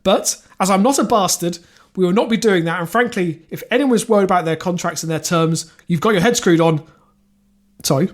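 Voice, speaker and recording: High-voiced man reading news aloud. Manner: reads quotes aloud, halting with fillers and restarts. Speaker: podcast co-host reading news stories. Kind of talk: casual comedic podcast chat.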